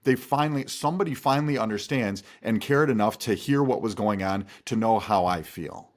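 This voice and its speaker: A man who is a guest expert, giving calm, instructive answers in an interview. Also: fairly low pitch, fairly quick. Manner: calm, instructive, steady delivery.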